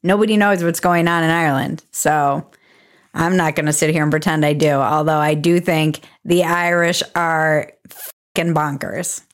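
A woman's voice: low-pitched, fairly even intonation, moderate pace. A woman hosting a comedic political commentary show, sarcastic and irreverent, laughing often. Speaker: host.

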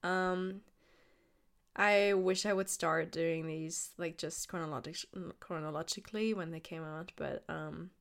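A young woman hosting her podcast in casual, unedited talk, her voice hoarse and a bit raspy, chatty with many fillers and restarts. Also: lowish voice, steady tone, measured pace. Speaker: podcast host.

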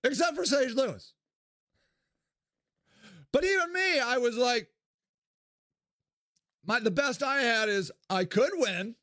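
A male podcast host from Akron, Ohio speaks slowly and pauses often in a blunt, candid solo monologue full of swearing and animated pitch swings. The recording is dry and studio quality.

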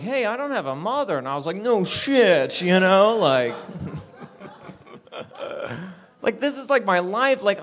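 A man, a comedian, telling stand-up stories on a live show, full of "like" fillers and quick asides. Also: fairly high pitch. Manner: animated, says "like" constantly. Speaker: comedian guest.

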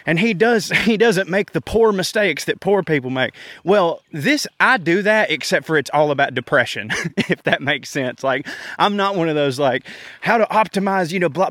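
A man's voice: medium pitch, fairly bright tone, dry recording, studio quality. A man, rambling through a casual, self-deprecating rant with frequent laughs while walking outdoors in a park, slightly out of breath. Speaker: comedian podcast host.

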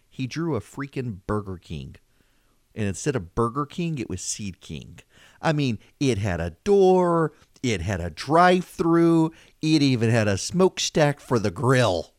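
A man's voice: on the low side, no room sound, studio quality. A middle-aged man hosting a talk show, telling a story in a casual, self-mocking way, his voice climbing when he gets exasperated.

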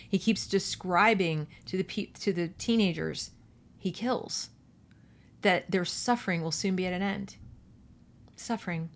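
A woman's voice: on the low side, measured pace, pauses often. A woman host reading a novel aloud and then commenting with pointed rhetorical questions. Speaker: podcast host.

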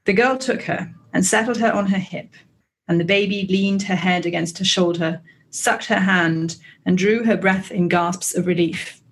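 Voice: mid-range voice, normal speed, fairly bright tone. A person reading a literary passage aloud in a book discussion, doing American voices for the characters. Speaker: book club member.

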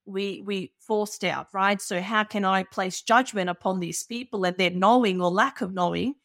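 This is a woman, talking as an interview guest. Her stories come out earnest and animated, often broken up with little "you know"s. Her pitch sits mid-range and the sound is close and dry. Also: moderate pace, no room sound. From Balkans. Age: 30s. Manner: earnest and animated, with many filler phrases. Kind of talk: candid personal storytelling.

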